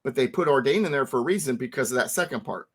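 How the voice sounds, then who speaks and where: A man teaching a founding text to a co-host, emphatic and lively, repeating words for stress. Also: medium pitch, fast talker, slightly rough.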